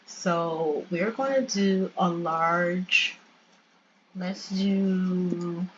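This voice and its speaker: A woman's voice: fairly low pitch, very slow, fairly bright tone, lo-fi sound, slight background noise. A young woman hosting a let's play, chatting and talking straight to her viewers. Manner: chatty, addresses viewers directly. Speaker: gaming channel host.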